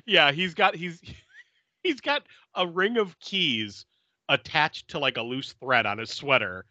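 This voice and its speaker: Man, podcast host, lively swooping pitch, bright, laughs and swears a lot, dull dry sound. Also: slow, dry recording. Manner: animated, laughs often, swears freely. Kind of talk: casual movie recap.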